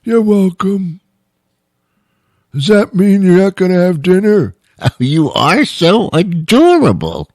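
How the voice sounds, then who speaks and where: A man's voice: sits high, very animated, takes it slowly, a little mellow, no echo, studio quality, voice pushed up, exaggerated voice. A man putting on a frail, quavery elderly man's voice for a comic bit. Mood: doting.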